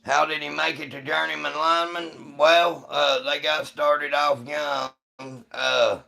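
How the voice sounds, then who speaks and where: Slow talkin gravelly dude on a livestream, cussing a lot, rambling story to chat. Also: male voice, fairly high pitch, flat delivery, sharp tone. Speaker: livestream host. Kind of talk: casual storytelling to live chat.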